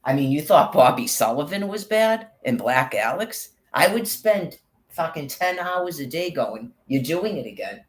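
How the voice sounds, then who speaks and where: A man's voice: a little high, sing-song, measured pace. Swearing, rambling New man ranting. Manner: angry, swears constantly, rambling. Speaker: vlogger. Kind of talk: profane ranting monologue.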